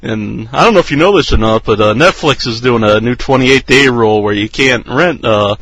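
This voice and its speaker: A man's voice: mid-range voice, normal speed, fairly bright tone, no echo, rough recording. A man hosting a horror podcast interview, chatting loosely and easily, with plenty of fillers. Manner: easygoing, loose, with many fillers. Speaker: podcast host. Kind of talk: casual interview chat.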